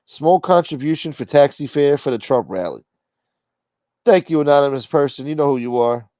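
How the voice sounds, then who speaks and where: A man hosting a mock church livestream, brash and profane, dropping to a mumble and then bursting out loud. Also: on the high side, normal speed, no echo. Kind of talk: casual comedic livestream banter.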